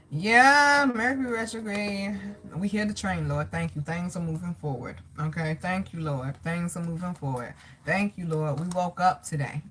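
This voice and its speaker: Woman tarot reader running a live stream, chatty and profane, bright cutting tone. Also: medium pitch, a little hiss or hum. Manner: slangy, swears freely, greets chat by name; talks to God out loud between points. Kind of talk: casual live tarot reading.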